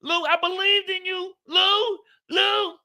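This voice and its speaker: A man doing a frantic, high-pitched pleading exec. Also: fairly even intonation, takes it slowly, pushed and bright, exaggerated voice. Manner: frantic, whiny begging, repeating a name. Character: desperate pleading male record exec.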